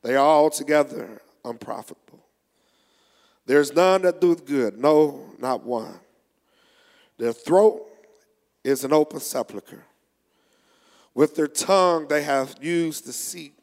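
A male preacher delivering a sermon, reading scripture slowly and preaching with rising fervor. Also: fairly high pitch, darkish tone. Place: church. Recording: long echo of a large hall.

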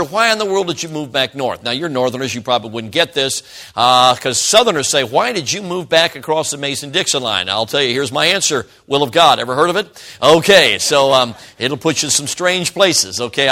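At a church service, a middle-aged traveling evangelist from Chicago preaches in a bright, forceful, mid-range voice. His folksy, chatty style draws the congregation in.

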